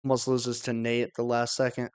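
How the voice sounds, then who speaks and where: A man co-hosting a casual fight-picks podcast, giving measured, agreeable analysis. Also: medium pitch, monotone, smooth. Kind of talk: casual sports chat.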